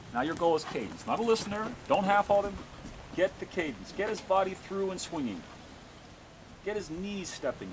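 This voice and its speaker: A man's voice: a little high, noisy background. A man coaching a dressage lesson, giving short commands and encouraging praise. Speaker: riding instructor.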